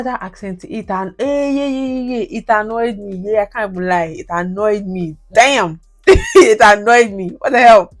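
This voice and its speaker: A young Nigerian woman with a Nigerian accent, talking casually about movies as a video reviewer. She laughs often and slips into Nigerian Pidgin. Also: mid-range voice. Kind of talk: casual commentary on her old reviews.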